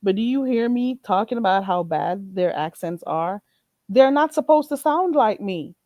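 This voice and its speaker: A woman's voice: mid-range voice, lively intonation, moderate pace, dark tone, dry recording. A woman streams from her own channel, swinging her voice up and down as she mocks and scolds a viewer. She talks bluntly and with exasperation. The sound is dry and close. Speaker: channel host. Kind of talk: livestream rant.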